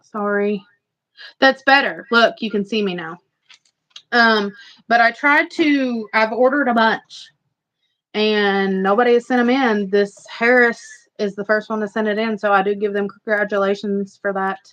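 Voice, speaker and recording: A chatty woman rambles to her viewers as she hosts a casual livestream. Her voice sits at an ordinary middle pitch. The audio is slightly muffled and lo-fi. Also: measured pace, fairly bright tone. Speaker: livestream host.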